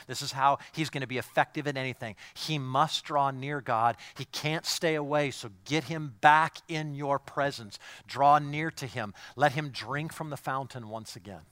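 A man's voice: mid-range voice, fairly bright tone, no echo. A male pastor preaching a sermon in an emphatic, repetitive style that builds in intensity.

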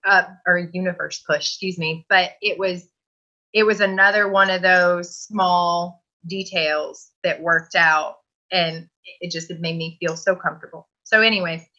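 A woman's voice: fairly low pitch, steady tone, unhurried, pushed and bright, highs cut off. A woman guest telling a personal story in a chatty, earnest way that often breaks into laughter.

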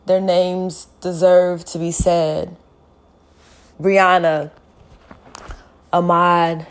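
A weary woman speaking a slow, deliberate, heavy lament in a spoken-word style. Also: fairly low pitch, a little mellow.

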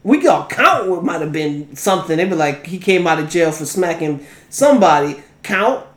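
A woman co-hosting a podcast in casual chat, animated and jokey, slipping into mocking voices. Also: lowish voice, normal speed. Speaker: podcast co-host. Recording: echoey room.

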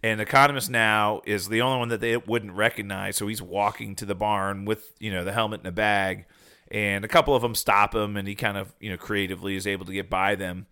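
A man's voice: on the low side, clear, resonant tone. A man in a casual chat, animatedly retelling a TV episode and acting out the characters' lines. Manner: animated retelling, acting out dialogue in quick voices. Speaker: podcast co-host.

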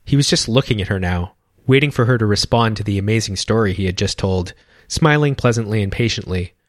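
Calm male storyteller, dry close mic. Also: fairly low pitch, a little fast, no echo. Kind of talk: scripted narration.

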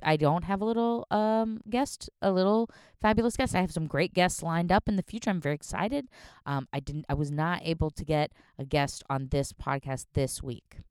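A young woman hosting a solo podcast from her car, a little hoarse, rambling and self-deprecating with lots of fillers. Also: sits low, a little mellow, no echo, studio quality. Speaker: podcast host. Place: in a parked car.

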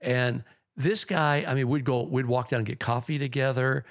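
A man with a gravelly voice and a little vocal fry, recounting an old ministry story as a pastor. He wanders and restarts as he goes, earnest and plain-spoken, close and dry on the mic. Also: medium pitch, fairly even intonation, moderate pace, no echo. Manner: rambling, earnest anecdote telling. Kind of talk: storytelling in a podcast chat.

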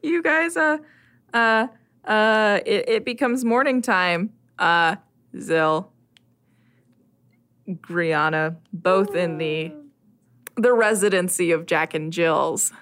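A woman game master narrating a tabletop session in a loose, chatty way. She fills the gaps with "uh" and quick laughs, at a middling pitch, relaxed and unscripted. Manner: casual, laughing, filler-heavy narration.

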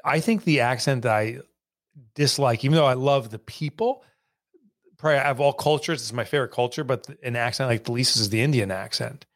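Animated man telling stories. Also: medium pitch, fairly quick, no echo, clean studio sound. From Northeast United States. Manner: animated storyteller, mimics accents. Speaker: podcast host. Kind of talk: casual chat.

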